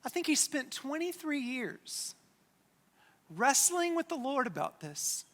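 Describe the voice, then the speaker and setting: A pastor preaches slowly and deliberately, leaving dramatic pauses as the scripture story unfolds. The voice is bright and forceful. The sound trails off in the long reverb of a church sanctuary. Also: high voice, very animated. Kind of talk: sermon.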